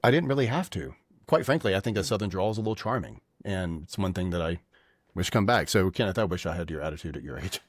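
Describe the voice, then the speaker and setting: A man with a very low voice speaks candidly and reflectively as a podcast guest. He is from Louisiana. His voice sounds close and dry. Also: animated, fast talker, no echo. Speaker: guest, field CTO. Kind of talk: casual podcast conversation.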